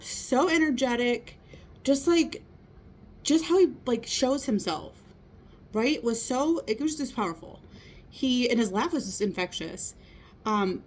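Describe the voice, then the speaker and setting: This motivational speaker, a woman in her thirties, has a fairly high voice with a darkish tone. Her casual talk is sincere and uplifting, peppered with rhetorical "right?" check-ins with listeners.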